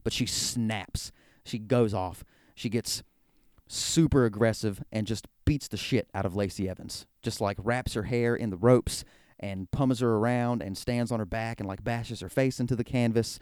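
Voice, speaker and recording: A man hosting a casual wrestling recap show, rambling and excitable, full of "like" and "you know.". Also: on the low side, normal speed, clean tone, dry recording, clean studio sound. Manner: rambling, excitable, heavy use of "like". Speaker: podcast host.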